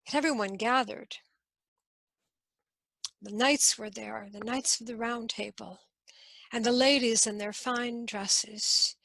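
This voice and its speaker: A woman storyteller telling a medieval tale slowly and expressively, with dramatic pauses. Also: fairly high pitch, fairly even intonation, vocal fry, bright, forceful tone, no echo, rough recording. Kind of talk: oral storytelling.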